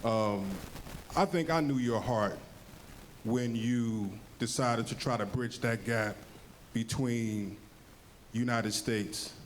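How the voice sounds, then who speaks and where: A man's voice: medium pitch, takes it slowly, pauses often, slight background noise. A man on an interview panel, eagerly jumping in with questions and stammering through restarts. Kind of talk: casual on-stage interview.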